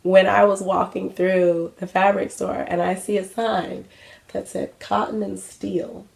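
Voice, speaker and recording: A woman's voice: medium pitch, flat delivery, a little slow, gravelly, a little mellow. A young adult woman hosting a craft vlog, chatting casually with many fillers and self-mocking asides. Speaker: craft vlogger. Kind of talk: casual chat.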